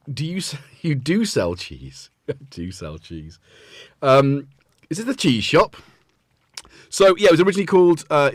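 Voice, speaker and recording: A man's voice: fairly high pitch, dry recording, clean studio sound. A man hosting a livestream, chatting casually and rambling with frequent laughs. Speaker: livestream host.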